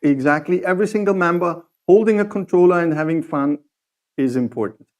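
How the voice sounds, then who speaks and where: A male co-host chats casually on a livestream, his voice sitting a little higher than most men's. He talks in halting bursts, circling back and reaching for the right word before he finishes a thought. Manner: halting, searches for words. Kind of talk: casual chat.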